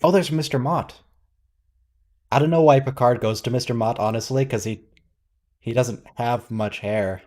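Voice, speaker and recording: A man's voice: mid-range voice, normal speed, long pauses, a little mellow. A man hosting a watch-along, giving casual, wry, quizzical commentary and thinking aloud.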